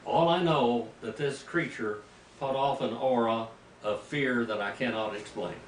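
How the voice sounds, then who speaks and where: An older male pastor preaches a storytelling sermon to a group on the mission field, folksy and animated with sudden loud outbursts. His voice is medium-pitched and measured. He stands far from the mic in a roomy space, with a faint hum of background noise.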